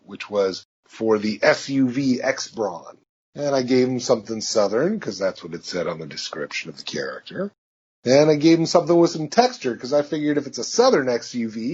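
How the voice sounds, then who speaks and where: A man, a voice actor being interviewed, telling stories in a relaxed, anecdotal way. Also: mid-range voice, husky. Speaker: voice actor guest. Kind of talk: interview answers, storytelling. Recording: dull lo-fi audio.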